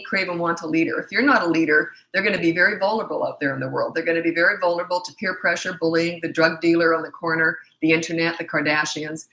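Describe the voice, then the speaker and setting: Woman, middle-aged, parenting coach, live Q&A, emphatic, lowish pitch, echoey room. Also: fairly bright tone. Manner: blunt, confident, emphatic. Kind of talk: live Q&A answering viewer questions.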